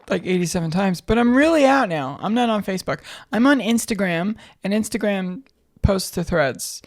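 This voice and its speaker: A woman co-hosting a podcast in casual chat, wry and teasing with quick comebacks. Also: medium pitch, a little mellow. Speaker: podcast co-host.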